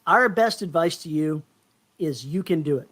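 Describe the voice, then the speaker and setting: A podcast co-host giving advice and trading dry, deadpan jokes in casual chat. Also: medium pitch, normal speed.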